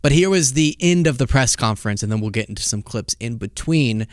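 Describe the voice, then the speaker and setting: Male commentary host, casual and sarcastic, animated delivery, mid pitch, dry close sound. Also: brisk, no room sound.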